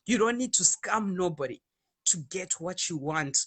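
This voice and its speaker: A woman's voice: fairly low pitch, expressive, normal speed, breathy edge. A Zimbabwean woman with a Zimbabwean accent, talking casually and animatedly to her viewers, switching between Shona and English. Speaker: online radio DJ and ministry speaker.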